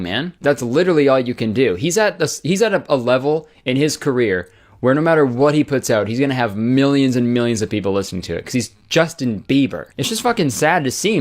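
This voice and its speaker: A young man doing comedic internet commentary, ranting sarcastically and swearing in exasperation. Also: mid-range voice.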